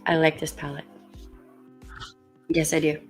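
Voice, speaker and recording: Woman vlogger, slow and low-voiced, getting over a cold and coughing now and then, chatting with faint music underneath. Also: little pitch movement. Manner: chatty, thinking aloud, with fillers. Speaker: beauty vlogger. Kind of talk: casual makeup chat.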